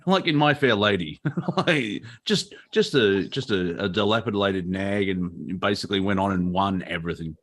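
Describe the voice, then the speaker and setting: A man's voice: sits low, lively intonation, moderate pace, a bit bright. Rambling man on a video call. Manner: rambling, joking storyteller. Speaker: comedian co-host. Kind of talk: casual chat on a video call.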